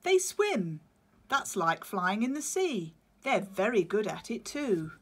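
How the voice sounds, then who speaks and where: A woman's voice: medium pitch, big pitch swings, takes it slowly, slightly rough, pitched above the performer's own voice, heavily acted. A woman reading a story aloud, voicing a fussy, protective father penguin who scolds and explains. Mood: fussing.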